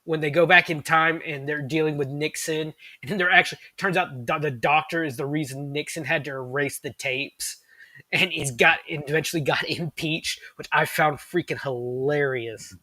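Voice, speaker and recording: A man's voice: fairly high pitch, fairly even intonation, moderate pace, pushed and bright, no room sound. A man co-hosting a podcast, chatting with enthusiasm, rambling with lots of fillers and restarts. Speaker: podcast co-host. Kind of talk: casual chat.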